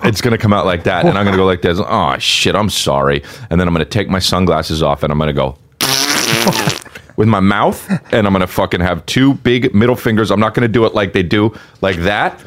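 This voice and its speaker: A man's voice: fairly low pitch, expressive, a little fast. A man of thirty-nine, a guest co-host, riffing through casual comedic banter in a swaggering, profane way and acting out his bits.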